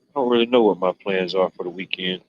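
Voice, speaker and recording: A man's voice: low-pitched, fast talker, narrow, tinny audio, a little hiss or hum. Rambling joking male stream host. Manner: rambling, joking, lots of "you know". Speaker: livestream host. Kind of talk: casual chat.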